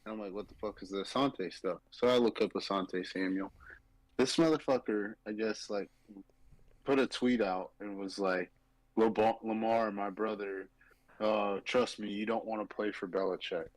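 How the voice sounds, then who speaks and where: A man's voice: fairly low pitch, steady tone, moderate pace, no room sound, rough recording. A man co-hosting a sports betting podcast, ranting emphatically and profanely in casual chat. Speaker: podcast co-host.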